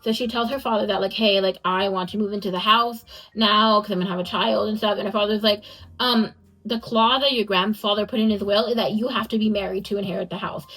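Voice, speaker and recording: A woman's voice: medium pitch, steady tone, fast talker, a bit bright, low-quality recording. A young woman talking through a book review in a casual vlog, chatty and full of "like" and "um". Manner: chatty, many fillers like "like" and "um".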